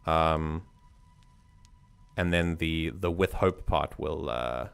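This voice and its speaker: A man's voice: rumbling low, slow, vocal fry, fairly bright tone, clean tone. A man narrating and ruling as game master in a tabletop game, rambling with many restarts. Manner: rambling, frequent restarts, chuckling.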